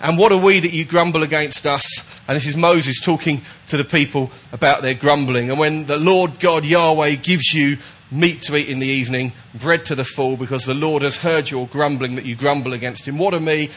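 A man preaches to his congregation in an emphatic, repetitive way, circling back over his points and stumbling into restarts. His voice sits somewhat high for a man. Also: moderate pace, few pauses, fairly bright tone. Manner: emphatic, repetitive, with false starts. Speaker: pastor. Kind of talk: sermon.

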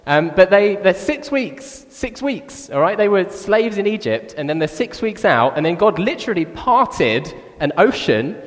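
A man preaching a sermon in a relaxed, chatty way, often saying "like" and "actually". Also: sits high, measured pace, few pauses. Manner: conversational, animated, with frequent "like" and "actually". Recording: reverberant church hall.

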